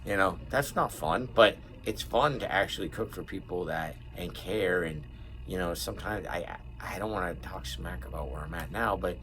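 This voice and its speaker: A man's voice: low-pitched, moderate pace, a bit bright, a little hiss or hum, rough recording. A young man talking candidly in a rambling vlog, swearing freely. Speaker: vlogger. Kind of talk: casual rambling monologue.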